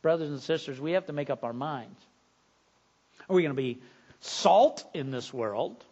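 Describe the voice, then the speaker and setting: A pastor in his fifties delivers a sermon in a fairly high male voice. He preaches earnestly and climbs louder and higher when he drives a point home. The recording sounds a little dull and lo-fi. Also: animated, moderate pace.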